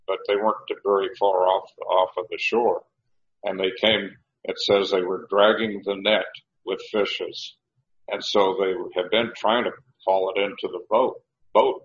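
A man teaching through a Bible passage verse by verse, in an unhurried, conversational way that explains each line as he reads it. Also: low-pitched, muffled recording.

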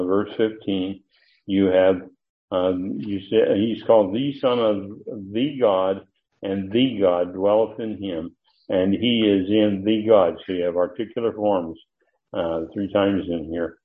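An older man teaching a verse-by-verse Bible lesson, halting with many fillers and sudden emphatic rises. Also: lowish voice. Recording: tinny phone-like recording.

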